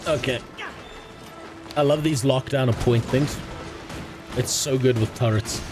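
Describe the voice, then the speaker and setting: A young adult man streaming a game, chatting casually in a rambling way with crude deadpan jokes. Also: medium pitch, measured pace, music in the background. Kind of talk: casual chat while gaming.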